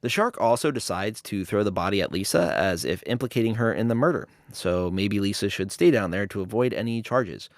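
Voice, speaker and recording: A man's voice: on the low side, a little fast, few pauses, dry recording, studio quality. A man hosting a podcast, giving a casual film commentary with sarcastic jokes. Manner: sarcastic, joking. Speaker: podcast host.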